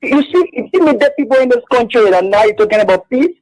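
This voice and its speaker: A man's voice: extremely high pitch, animated, fast, a little mellow, no echo, rough recording. A man calling a radio show, indignant and firing rhetorical questions. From Liberia. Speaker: radio caller. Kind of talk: phoned-in political complaint.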